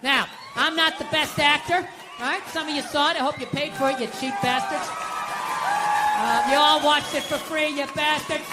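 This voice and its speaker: A man doing stand-up comedy in an American accent, ranting and sarcastic, swearing a lot and swinging between muttered asides and yelling. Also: very high voice, steady tone, moderate pace, big-room sound, over a noisy crowd, heavy background noise.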